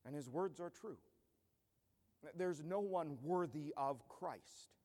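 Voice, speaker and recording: A man's voice: fairly high pitch, takes it slowly, warm tone, big-room sound. A man pastor preaching an earnest, emphatic expository sermon in a church.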